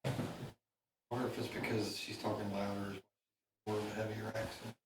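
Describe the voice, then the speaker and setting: A man hosting a podcast in casual chat, speaking haltingly with frequent restarts. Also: lowish voice, completely flat delivery. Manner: halting, many restarts and laughs. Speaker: podcast host.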